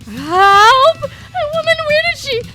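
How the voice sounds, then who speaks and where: A woman voicing a terrified male merchant in a visual novel, stammering and pleading in a shrill voice. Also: normal speed, music in the background, lightly acted.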